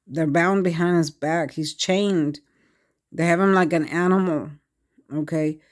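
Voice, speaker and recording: Halting tarot reader with a drawl. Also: mid-range voice, steady tone. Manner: halting, repetitive, speaks in short bursts; earnest, addresses viewers directly. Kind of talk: tarot card reading monologue.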